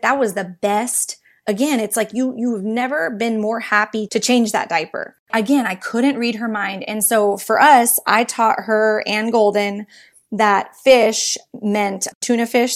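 A woman speaking as a guest author on baby sign language, telling lively stories in a casual chat with a lot of "like". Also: mid-range voice. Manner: lively storyteller, chatty, says "like" often.

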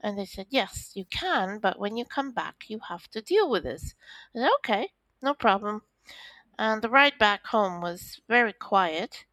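A woman telling her own story in an interview, with lively, acted-out dialogue. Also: mid-range voice, measured pace, no room sound, low-quality recording. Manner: animated storytelling, acts out quoted dialogue. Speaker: interview guest. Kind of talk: recounting a personal story.

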